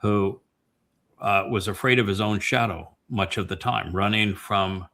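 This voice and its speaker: A low-pitched man with a forceful, bright edge hosts a family Bible-study show. He retells scripture with passion and leans on frequent "uh" pauses as he builds his points. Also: fairly even intonation, vocal fry. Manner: impassioned, retelling scripture with many filler pauses. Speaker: host.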